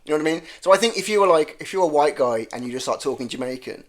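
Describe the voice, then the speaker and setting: This man's voice is on the high side, animated and racing. A comedian appearing as a podcast guest, he speaks in a thick Brummie accent, rambling, joking, and frequently fixing what he says partway through.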